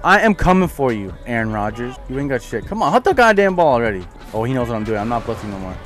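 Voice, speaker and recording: A young man giving rowdy play-by-play over his own football video game, cursing freely and trash-talking his opponent. His voice swings widely in pitch, jumping from low mutters to sudden high yelps at big plays, with faint music playing behind him. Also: racing. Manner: excitable, swears a lot, yells at plays, trash-talks opponents. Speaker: gaming YouTuber. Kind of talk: live gameplay commentary.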